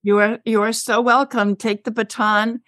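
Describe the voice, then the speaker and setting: A woman's voice: fairly high pitch, little pitch movement, normal speed, a bit bright, no echo, studio quality. A woman in her sixties, a veteran health teacher, speaking passionately as a podcast guest, telling classroom stories with emphasis. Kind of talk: podcast interview.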